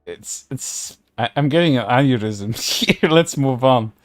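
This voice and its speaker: A man's voice: mid-range voice, animated, measured pace, dry recording, studio quality, soft background music. A man streaming casual commentary, reading posts aloud in a sarcastic way, laughing and swearing often.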